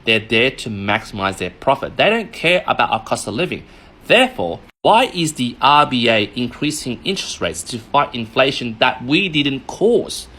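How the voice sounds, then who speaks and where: Husky, animated Australian man ranting. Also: mid-range voice, normal speed. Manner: sarcastic, emphatic, rhetorical. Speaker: mortgage broker vlogger. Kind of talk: ranting commentary vlog.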